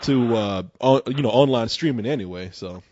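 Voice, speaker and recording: A man hosting a casual call-in show, an excitable storyteller who acts out scenes with loud bursts. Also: medium pitch, normal speed, dry recording, dull audio.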